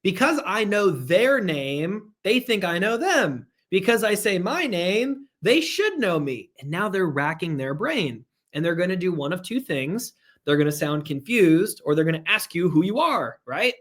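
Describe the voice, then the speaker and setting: A man's voice: high voice, expressive, moderate pace, fairly bright tone. A man leading a live online sales training. He speaks energetically, repeats his key points and talks to viewers in the chat.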